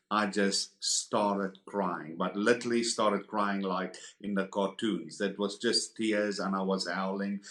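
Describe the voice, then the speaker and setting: A man telling his personal testimony as a podcast guest, earnest and animated, acting out the people he quotes. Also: fairly low pitch. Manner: earnest, acts out quoted voices in the story. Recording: echoey room.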